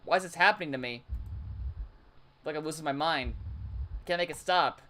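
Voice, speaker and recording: A man reading the lines of a shy, flustered bookish young woman aloud from a game, halting and stammering. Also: fairly high pitch, bright, forceful tone, slight background noise.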